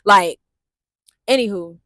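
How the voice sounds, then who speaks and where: A woman's voice: medium pitch, takes it slowly, pushed and bright, dry recording, clean studio sound. Candid, slangy woman talking outdoors. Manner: candid, slangy and profane, addresses viewers as y'all. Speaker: vlogger and Navy veteran. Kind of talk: casual reflective storytelling. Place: outdoors in the sun and wind.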